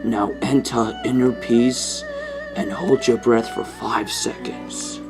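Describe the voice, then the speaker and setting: A man voicing a male ape swordsman who acts as a sensei, jumpy and boastful but calm when teaching, in a homemade toy-animal story. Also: mid-range voice, takes it slowly, over music, full character voice.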